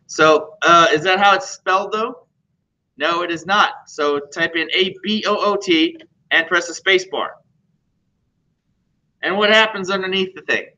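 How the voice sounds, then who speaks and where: A man's voice: fairly high pitch, pushed and bright. A man teaching a class at a computer, chatty and joking, often asking the students questions. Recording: dull lo-fi classroom recording.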